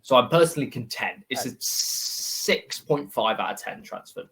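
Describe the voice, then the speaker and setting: A man's voice: mid-range voice, lively intonation, normal speed, fairly bright tone, slightly rough. A man in his twenties with a West Country accent, chatting casually as co-host of a football podcast with plenty of fillers. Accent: West Country English. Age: 20s.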